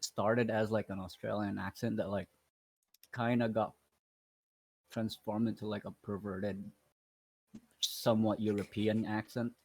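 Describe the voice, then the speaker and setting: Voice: medium pitch, level tone, unhurried, long pauses, slight background noise. A tabletop player chatting over a voice call, rambling and hesitant, with lots of fillers. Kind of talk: casual chat over voice call.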